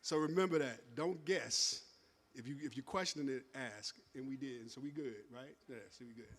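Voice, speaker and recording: A man's voice: mid-range voice, moderate pace, fairly bright tone. A man acting as emcee at a live graduation event, teasing the graduates and laughing often as he hands out awards. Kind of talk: joking live event banter. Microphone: handheld wireless mic.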